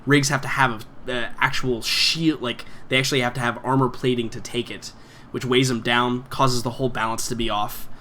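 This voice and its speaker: A man's voice: medium pitch, fairly even intonation, normal speed, bright, forceful tone, slight background noise, lightly acted. Unimpressed woman mechanic, dry and curt; male game master doing her. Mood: matter-of-fact. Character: blunt, deadpan woman ship mechanic.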